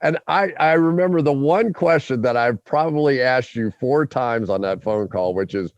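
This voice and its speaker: A man hosting a podcast, telling a long story in an animated way and acting out his own quotes. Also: medium pitch, normal speed, hardly any pauses, no echo, highs cut off. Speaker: podcast host.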